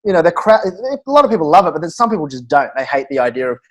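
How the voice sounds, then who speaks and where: An Australian man, a stand-up comedian, telling animated stories in casual chat with quick restarts and laughs. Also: a little high. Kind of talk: casual storytelling.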